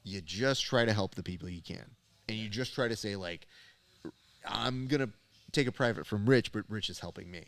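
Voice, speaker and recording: A man's voice: lowish voice, normal speed, creaky, fairly bright tone. A man hosting a casual fight-watching talk show, telling long stories with laughter and acted-out quotes. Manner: talkative, laughs often, acts out quoted dialogue. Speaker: podcast host and jiu-jitsu coach. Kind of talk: casual chat.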